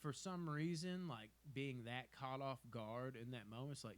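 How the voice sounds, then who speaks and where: Animated, swearing young man telling a story. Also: mid-range voice, moderate pace. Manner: animated storytelling, acts out quotes, laughs often, swears. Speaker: podcast co-host. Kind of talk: casual chat.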